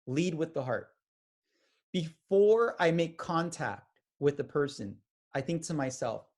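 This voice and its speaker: A man giving a motivational sales training talk, energetic and acting out quoted conversations. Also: on the high side, takes it slowly. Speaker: business trainer.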